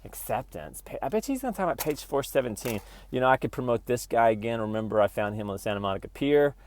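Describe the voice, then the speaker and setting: Rambling, profane man vlogging to his phone. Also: medium pitch. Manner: rambling, profane, talks to camera in bursts. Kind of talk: rambling casual vlog. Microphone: phone camera.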